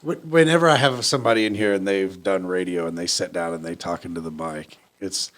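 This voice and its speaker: A man hosting a casual interview, asking relaxed, rambling questions full of fillers. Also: sits low, a little fast. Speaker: podcast host.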